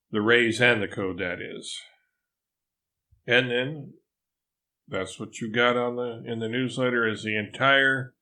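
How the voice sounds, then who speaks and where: An older man with a slightly low voice reads his programming lesson aloud at a measured pace. He breaks off now and then for dry, wry asides. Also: bright, forceful tone. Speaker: newsletter author reading his programming lesson. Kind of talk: reading a written lesson aloud with spoken asides.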